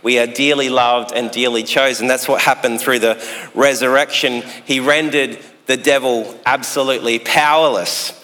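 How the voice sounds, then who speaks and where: A man, preaching a sermon in a relaxed, joking way with long pauses. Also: medium pitch. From Australia. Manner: conversational and jokey, with long pauses. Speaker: pastor. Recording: echoey hall sound.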